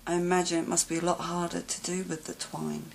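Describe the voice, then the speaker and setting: A woman filming a craft gift unboxing vlog, gushing and gasping with delight and often dropping to a soft whisper. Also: fairly low pitch, level tone, fairly quick, creaky, a little hiss or hum, rough recording. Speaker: craft vlogger.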